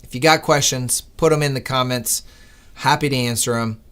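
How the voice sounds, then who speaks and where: A man hosting a live trading stream, talking to viewers in an earnest, animated, motivational way. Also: medium pitch, moderate pace, clean tone. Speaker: day-trading livestream host. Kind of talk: casual livestream talk.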